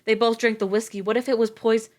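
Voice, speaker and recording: A woman's voice: a little high, fast, voice pushed up, natural voice. A woman voicing a frantic, foul-mouthed young man who swears when panicked. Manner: excitable, swearing.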